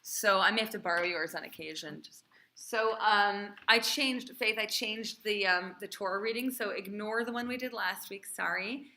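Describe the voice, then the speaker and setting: A woman's voice: medium pitch, moderate pace, pushed and bright. A female cantor teaching a class, quizzing and encouraging her students in a chatty way.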